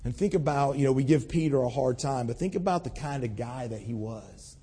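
A man's voice: medium pitch, a little fast, dark tone, slightly rough. A man preaching a conversational sermon, reading scripture and explaining it in an earnest, storytelling way. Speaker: pastor. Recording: long hall reverb.

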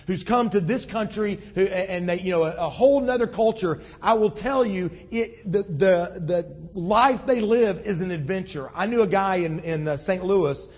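A man's voice: sits high, breathy edge. A man preaching a sermon as pastor, conversational, with frequent restarts and fillers. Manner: conversational, many restarts and "you know". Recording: long hall reverb.

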